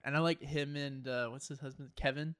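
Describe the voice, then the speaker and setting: A young man co-hosting a podcast, chatting casually with wry jokes and quick asides. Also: medium pitch, fairly even intonation, fairly bright tone, clean tone. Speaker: podcast co-host. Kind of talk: casual chat.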